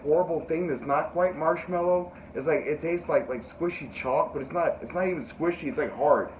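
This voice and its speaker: Male podcast host, animated rambling storyteller, high-ish voice, tinny lo-fi sound. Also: fairly quick. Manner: animated, rambling, profane, acts out quotes in high yelps. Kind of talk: casual storytelling chat. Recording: tinny phone-like sound with faint noise.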